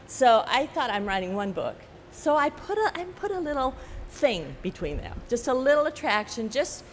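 A woman's voice: medium pitch, slight background noise. Older woman author telling stories in a hall. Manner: animated storytelling, frequent "you know", laughs at her own anecdotes. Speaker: author giving a talk. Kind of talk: festival talk to an audience. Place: large hall at a book festival. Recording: echoey hall with faint ambience.

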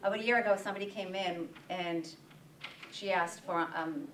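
Speaking at a moderate pace in a lowish, fairly bright voice, a woman who owns a bakery tells stories as a guest speaker at a breakfast event, animatedly acting out quoted dialogue and fielding audience questions. The meeting-room recording is distant and roomy, with slight background noise.

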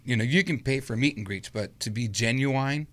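A man's voice: mid-range voice, moderate pace. A middle-aged man telling a long personal story in a casual interview, acting out what people said. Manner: animated anecdote-telling with acted-out quotes. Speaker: guest storyteller.

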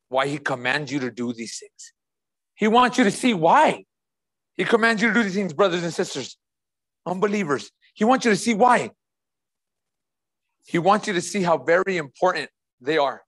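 A high-pitched male pastor, preaching emphatically. He hammers home key phrases, repeating them and calling out to the congregation as he walks them through scripture. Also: fairly bright tone. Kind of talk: sermon.

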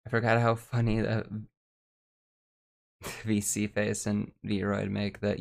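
Male streamer, easygoing, talks slowly to chat while working, casual cursing. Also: lowish voice, flat delivery, vocal fry. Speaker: VTuber streamer.

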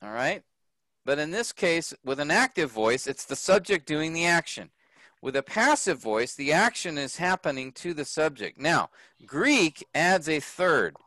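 A male teacher explaining grammar in a slow, unhurried way. His pitch rises and falls a lot, sitting a bit high for a man. The room sounds dry and close. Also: very animated, pushed and bright, dry recording. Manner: slow, patient, checks understanding often. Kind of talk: classroom grammar lesson. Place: workshop room.

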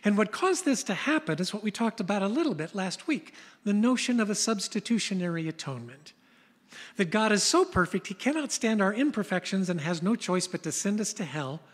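An older woman pastor preaching a sermon, telling stories in an animated way. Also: mid-range voice, a little fast, slightly rough, in a large hall. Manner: storytelling, animated retelling of scenes.

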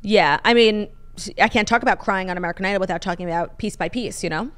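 A woman's voice: medium pitch, quick pace, fairly bright tone, smooth. A young woman co-hosting a casual podcast, gushing and swearing freely, with lots of fillers. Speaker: podcast co-host. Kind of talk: casual chat.

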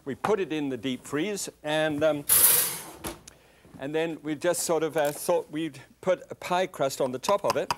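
A man's voice: fairly high pitch, unhurried, slight background noise. An older man, demonstrating a recipe in a chatty, enthusiastic way as a cooking show host.

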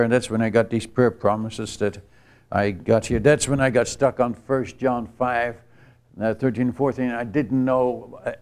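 An older man giving a storytelling sermon at a church retreat, earnest and rambling, with many restarts. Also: mid-range voice. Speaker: missionary speaker. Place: church retreat camp gathering.

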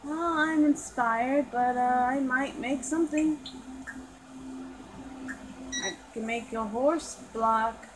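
A woman's voice: high-pitched, takes it slowly, pauses often, background noise. A woman voicing a drawling laid-back male sim. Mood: easygoing.

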